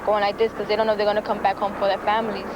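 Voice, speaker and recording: A woman's voice: medium pitch, monotone, racing. Frank woman, street noise behind. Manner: frank, emphatic storytelling. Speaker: interviewee. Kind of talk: documentary interview.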